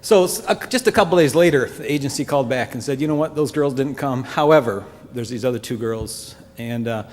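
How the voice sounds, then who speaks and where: A man giving an earnest, heartfelt personal testimony to a congregation, speaking in a halting way. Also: medium pitch, darkish tone. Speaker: church member giving a testimony. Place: church hall. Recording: long church-hall reverb.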